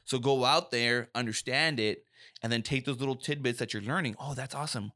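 A young man talks through workplace safety on a casual podcast, animated and emphatic, slipping into little acted-out quotes. His voice sits mid-range and is recorded close and dry with no room sound. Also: medium pitch, fairly quick, dry recording. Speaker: podcast co-host, safety professional.

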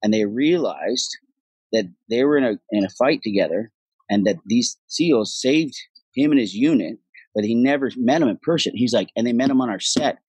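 A man being interviewed as an actor guest, telling stories in a casual, profane, animated way and acting out what others said. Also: mid-range voice, normal speed, husky, dry recording, poor audio.

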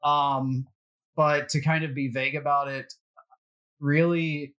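A middle-aged man telling security anecdotes in a relaxed, self-deprecating way, with plenty of fillers. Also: on the high side, takes it slowly. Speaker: security guest. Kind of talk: casual storytelling.

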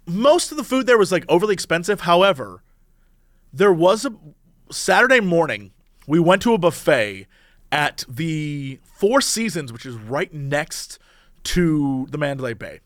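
High, animated man telling stories. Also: a little slow, no echo, studio quality. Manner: animated, rambling storyteller. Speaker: podcast co-host. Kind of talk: casual chat.

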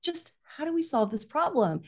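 A woman's voice: high-pitched, sing-song, normal speed. A woman talking as a parenting coach in conversation. She is earnest and often checks in with "right?". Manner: earnest, frequently adds "right?". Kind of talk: conversational guest explanation.

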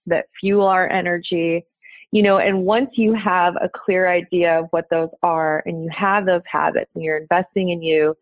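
A woman's voice: lowish voice, steady tone, normal speed, no echo. A woman giving earnest, encouraging relationship advice as a coaching guest on a podcast interview. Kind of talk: conversational interview. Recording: tinny phone-like line, dry.

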